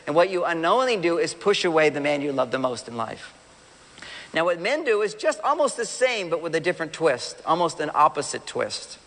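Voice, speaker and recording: A man with a notably high voice gives an animated seminar talk to a live audience. He throws questions at the crowd and slips into little acted-out quotes. His words ring with a long hall reverb. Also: a little fast. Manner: animated, acts out quoted partners and addresses the audience directly. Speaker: relationship speaker.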